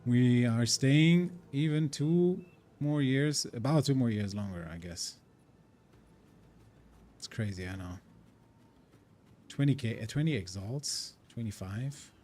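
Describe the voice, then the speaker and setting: A man's voice: medium pitch, takes it slowly, long pauses, warm tone. A man chatting casually with his live-stream viewers while he plays, rambling and thinking aloud. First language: German. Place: living in India.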